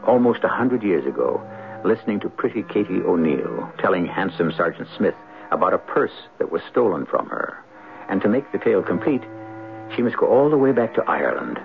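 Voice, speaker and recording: A man's voice: low voice, vocal fry, slight background noise. A man hosting and narrating a 1970s radio mystery drama in a theatrical storyteller manner. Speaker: host and narrator. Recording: tinny old radio broadcast with music.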